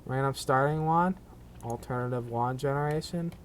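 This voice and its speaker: A man's voice: mid-range voice, moderate pace, a little hiss or hum. A man streaming a video game, rambling through casual commentary with self-mocking asides.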